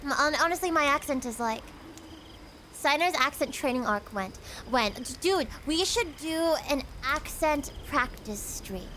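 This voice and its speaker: Bright, high-pitched, giggly woman. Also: a little hiss or hum. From United States. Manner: giggly and animated, quick asides. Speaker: VTuber streamer. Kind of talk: casual livestream chat, reading chat aloud.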